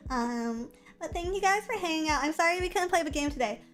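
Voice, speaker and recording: A woman's voice: high voice, expressive, brisk, fairly bright tone. A young woman streamer chatting casually and playfully, with lots of silly vocal play. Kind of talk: casual chat. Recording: faint music behind.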